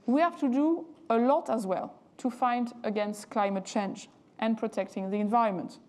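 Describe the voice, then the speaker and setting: A woman with a French accent, a government minister giving a formal, measured speech. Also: a little high, fairly even intonation, darkish tone. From France. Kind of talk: prepared speech.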